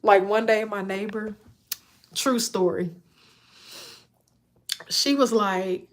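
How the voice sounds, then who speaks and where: A woman hosting a casual livestream, chatting with viewers and telling animated stories. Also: medium pitch, takes it slowly. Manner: animated storytelling, acts out quoted voices, laughs often. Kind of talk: casual live chat, reading viewer comments.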